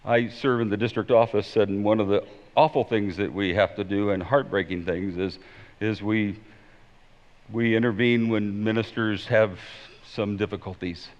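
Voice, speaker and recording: A man preaching a sermon as pastor, emphatic and swinging between loud declarations and hushed pleading. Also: on the low side, fairly even intonation, moderate pace. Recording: dull sound in a long-reverb hall.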